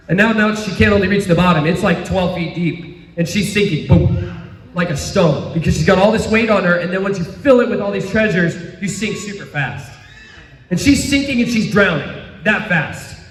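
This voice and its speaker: High-voiced man preaching in a hall. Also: distant mic. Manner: animated, exclamatory storyteller. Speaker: conference speaker. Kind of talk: storytelling sermon. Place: large conference hall stage. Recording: echoey hall, voice from afar.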